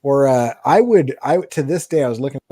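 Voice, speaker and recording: A middle-aged man co-hosting an art podcast, telling stories in a lively way and laughing often. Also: mid-range voice, brisk, husky, dry recording. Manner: animated storytelling, laughs often. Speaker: podcast co-host, artist. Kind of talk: casual chat.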